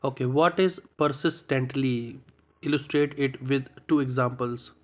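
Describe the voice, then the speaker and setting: A man practicing English, asking plain, halting vocabulary questions. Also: medium pitch. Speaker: English learner.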